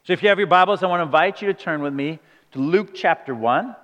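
A man's voice: a little high, quick pace, a bit bright. A man preaching a sermon as pastor, talking in an earnest, conversational way full of rhetorical questions. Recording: long hall reverb.

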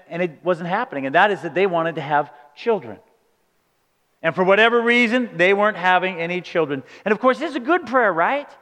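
A man with a high voice preaches to his congregation, keeping it conversational and earnest and leaning on rhetorical questions. His words ring out with a long reverb, as if from a large church sanctuary. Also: a bit bright. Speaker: pastor. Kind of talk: sermon.

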